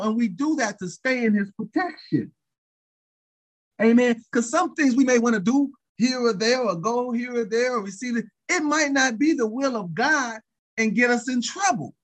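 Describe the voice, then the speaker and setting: Husky preacher man, rising and falling. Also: lively intonation, moderate pace, a bit bright. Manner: call-and-response preaching with frequent "saints" and "thank you, Jesus"; chuckles between phrases, pitch swings widely. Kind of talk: sermon.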